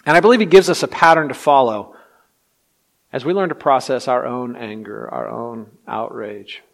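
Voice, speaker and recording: Male pastor, mid-pitched voice, dynamic sermon delivery, loud and hushed by turns. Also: normal speed, vocal fry. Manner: dynamic preaching, swings from loud to hushed, acts out quotes.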